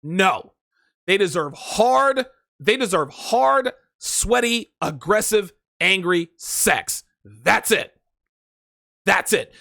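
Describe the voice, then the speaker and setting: A man delivering a crude, profane dating advice monologue on his own stream. His voice sits high and swings widely in pitch as he rambles and hammers points through repetition. The sound is dry and close, with no room around it. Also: gravelly, bright, forceful tone, dry recording. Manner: emphatic, repeats himself. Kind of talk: solo livestream monologue.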